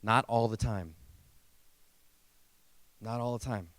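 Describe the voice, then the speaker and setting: A man's voice: fairly low pitch, takes it slowly, a bit bright, no echo. Earnest man giving a motivational keynote. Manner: earnest storytelling, emotional, emphatic. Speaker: keynote speaker, speech teacher.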